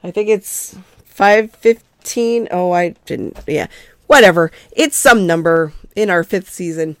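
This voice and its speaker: A woman hosting a casual fan podcast, talking in animated, rambling bursts with laughing asides. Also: lowish voice, unhurried, no echo. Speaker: podcast host.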